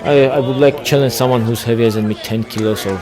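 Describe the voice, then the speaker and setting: A man's voice: mid-range voice, fairly even intonation, fast talker, a loud crowd, very noisy. A man with an Armenian accent, a boxer speaking broken English bluntly and confidently as an interview guest. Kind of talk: casual interview.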